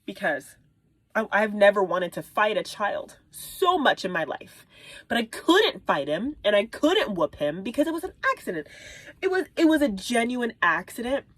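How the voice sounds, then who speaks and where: A woman in her thirties, a mother, telling a story to camera in a casual vlog, animated and exaggerated, dropping into whispered asides, recorded in a small closet. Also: medium pitch, normal speed, no room sound. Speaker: mom vlogger.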